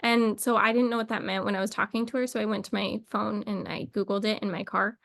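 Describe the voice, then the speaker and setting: Woman, vocal fry, dry close sound, playful, rambling, casual mock lesson. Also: mid-range voice, level tone, quick pace, a bit bright, no echo. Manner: rambling, playful, thinking aloud. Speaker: video creator.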